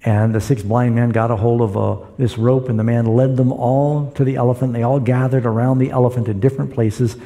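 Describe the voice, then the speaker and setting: A man's voice: medium pitch, level tone, a little fast, hardly any pauses, dark tone. A man preaching a sermon, retelling scripture stories and acting out the voices in them. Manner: storytelling, acts out quoted voices.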